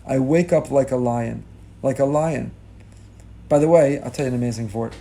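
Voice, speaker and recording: A middle-aged rabbi giving a sermon with rising emphasis, mixing in Hebrew and Yiddish religious terms. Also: male voice, medium pitch, normal speed, vocal fry, dark tone, slight background noise. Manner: impassioned, rising emphasis on key lines.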